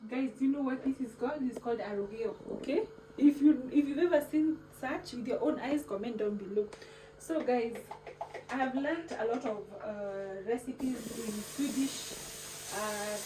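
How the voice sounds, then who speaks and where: In her casual cooking vlog, a woman chats playfully in a fairly high voice with lively intonation at a moderate pace, slipping words into her English. The mic sits across the kitchen, so the sound is echoey and roomy, with clear background noise.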